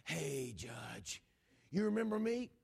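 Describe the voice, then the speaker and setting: A man voicing a desperate, persistent widow who shouts to get a judge's attention. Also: on the high side, big pitch swings, takes it slowly, gravelly, slightly rough, full character voice. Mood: pleading. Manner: hollering, pleading, insistent. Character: desperate poor widow woman, persistent and shrill.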